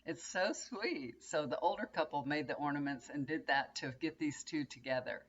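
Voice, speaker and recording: Low-pitched and slightly rough, the older woman talks at a normal speed, with the high frequencies cut off. She's a tarot reader and vlogger telling rambling stories to camera from her bedroom at home.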